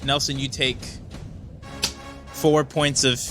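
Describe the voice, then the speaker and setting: A man narrating a tabletop game as game master, relaxed and halting, with frequent ums and uhs. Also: mid-range voice, faint music behind.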